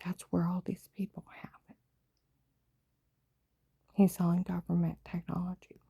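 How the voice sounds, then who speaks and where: Gravelly, breathy woman whispering urgently. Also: on the low side, completely flat delivery, measured pace, no room sound, muffled recording. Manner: mostly unvoiced whisper with sudden louder outbursts; breathless, urgent, run-on storytelling. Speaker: vlogger. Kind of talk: rambling personal monologue.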